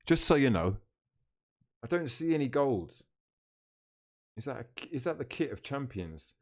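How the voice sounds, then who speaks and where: A man's voice: medium pitch, sing-song, measured pace, a little mellow. A man hosting a live football watchalong stream, reading out chat comments, teasing viewers and laughing often.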